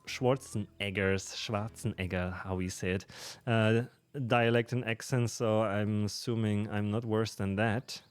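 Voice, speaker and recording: A man with a German accent talks loosely to his viewers while he plays, often breaking into laughter. His voice sits in an ordinary middle pitch. The talk is relaxed and rambling. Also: clean tone. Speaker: streamer. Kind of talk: casual live-stream chat while gaming.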